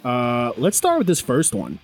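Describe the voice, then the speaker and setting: A man's voice: mid-range voice, huge pitch swings, a little slow, faint music behind. A young man co-hosting a podcast, chatting casually in an enthusiastic, slangy way. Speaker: podcast co-host. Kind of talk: casual chat.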